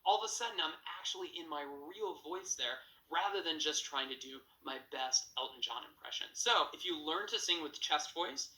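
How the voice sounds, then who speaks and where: A man with a clean, bright, ringing voice teaching singing, explaining technique in a singing lesson. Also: on the high side, moderate pace, few pauses, reverberant, low-quality recording. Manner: explanatory, breaks into sung demonstrations. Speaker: vocal coach.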